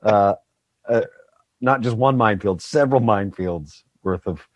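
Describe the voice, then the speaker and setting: Lower-voiced man in his fifties, dry sound. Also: normal speed, no room sound. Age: 50s. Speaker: guest actor. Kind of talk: casual chat.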